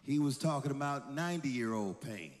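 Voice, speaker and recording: A man in his sixties preaching a sermon, telling stories and building to shouted exhortation in a church. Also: medium pitch, expressive, moderate pace, in a large hall. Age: 60s. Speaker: pastor.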